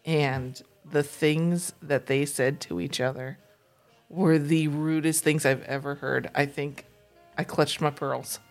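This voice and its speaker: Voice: mid-range voice, steady tone, slow pace, soft background music. A podcast co-host chatting casually, adding wry, teasing asides. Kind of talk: casual chat.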